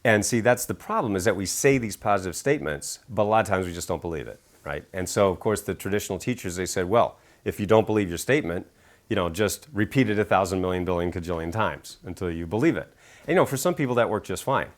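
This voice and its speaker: Man, middle-aged, low voice, animated storyteller, acts out quotes with big jumps in pitch. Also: fast talker. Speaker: author and speaker.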